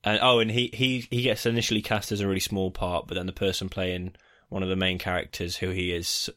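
A man's voice: deep voice, little pitch movement, fairly quick, a bit bright. A man co-hosting a podcast, chatting casually about a film and retelling its plot with many restarts. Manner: laid-back, retells plots at length with many restarts. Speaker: podcast co-host. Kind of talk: casual film review chat.

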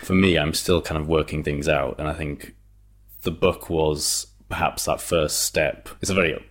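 Very deep-voiced hesitant man. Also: steady tone, moderate pace. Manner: hesitant, thoughtful, many fillers. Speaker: guest author. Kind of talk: interview conversation.

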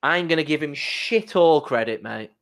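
A young man co-hosting a casual football podcast chat, animated and sweary, with lots of restarts. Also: fairly high pitch, moderate pace, vocal fry. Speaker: podcast co-host.

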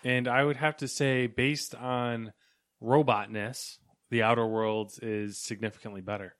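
A man's voice: medium pitch, flat delivery, measured pace, fairly bright tone, no echo, studio quality. A man co-hosting a podcast in laid-back casual chat. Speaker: podcast co-host.

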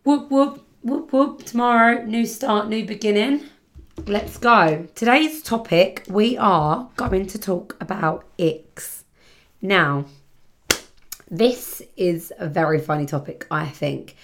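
A British woman with a medium-pitched voice hosts a casual solo podcast from her home near the seaside. She speaks slowly and rambles, with plenty of fillers and self-corrections.

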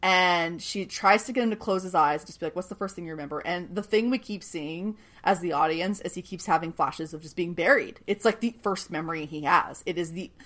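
A woman's voice: lowish voice, moderate pace, few pauses, fairly bright tone. A woman co-hosting a casual podcast, recapping a TV episode with lots of laughter and the odd swear word. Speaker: podcast co-host.

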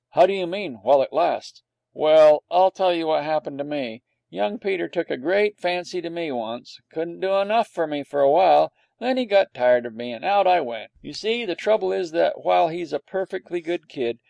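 A man's voice: fairly high pitch, gravelly, dark tone, no echo. Man doing Jack, a brash streetwise terrier dog. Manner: brash, chummy, knowing. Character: young male boy-doted terrier, streetwise and blunt.

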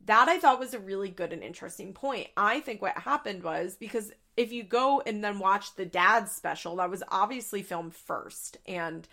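A young adult woman hosting a podcast, recapping in a chatty, profane, casual way with quick asides into a studio mic. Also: mid-range voice, creaky, bright, forceful tone. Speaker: podcast host.

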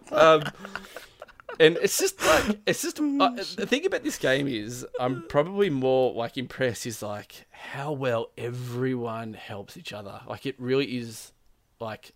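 A man's voice: mid-range voice, expressive, moderate pace, fairly bright tone, dry recording. A man telling a gaming story in casual chat, rambling with lots of "like" and frequent laughs. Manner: rambling, says "like" constantly, laughs often, acts out quotes.

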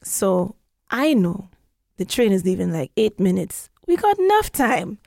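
A woman podcast host telling a story in casual chat, animated and acting out the voices she quotes. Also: medium pitch, a little slow, gravelly, no room sound, studio quality. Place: London.

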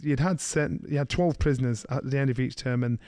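A middle-aged man, co-hosting a podcast, telling a story in a lively way and slipping into the voices of the people he quotes. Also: mid-range voice, quick pace, clear, resonant tone, no room sound. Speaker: podcast co-host. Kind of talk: casual storytelling chat.

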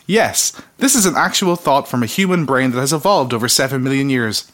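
A man's voice: medium pitch, brisk, hardly any pauses. Sardonic man reading mock ads. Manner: sardonic, deadpan delivery broken by laughter. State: slightly tipsy. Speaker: podcast co-host. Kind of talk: comedic podcast chat with mock sponsor reads.

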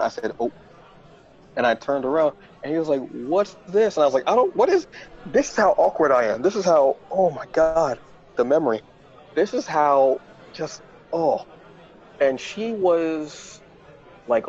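Man, podcast host, casual storytelling, self-mocking, animated, middle pitch, dull lo-fi recording. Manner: animated, self-mocking, jumps into high-pitched voices when quoting himself.

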